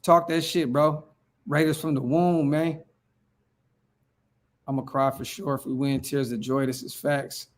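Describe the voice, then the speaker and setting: Slangy hype guy from norcal reading chat on a livestream, kinda high voice, keeps repeating himself. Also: fairly even intonation, a little slow, pauses often. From Northern California. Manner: hyped, slangy, repeats phrases. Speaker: fan channel livestream host.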